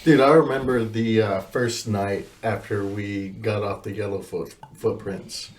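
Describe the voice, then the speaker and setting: A young man on a podcast, telling memories in a low-key, reflective way. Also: steady tone, a little slow. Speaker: podcast guest. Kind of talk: casual podcast chat. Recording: faint background noise.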